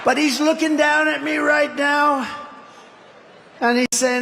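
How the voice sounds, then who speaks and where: A man's voice: very high voice, steady tone, slow pace, vocal fry, long pauses, sharp tone, in a large hall, slight background noise. Man giving a rambling rally speech. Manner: rambling, repetitive, boastful asides. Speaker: political candidate addressing a rally.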